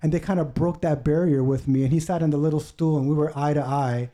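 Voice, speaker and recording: A man's voice: fairly high pitch, steady tone, fast talker, mellow. A man telling his personal story as a podcast guest, earnest and heartfelt, acting out what others said to him. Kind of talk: personal testimony.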